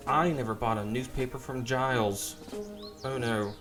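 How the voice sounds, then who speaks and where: A man commenting casually on a game he plays, wry and musing. His voice sits at an everyday middle pitch, and his thoughts often trail off. Faint game music plays in the background. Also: fairly even intonation, normal speed. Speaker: let's play gamer.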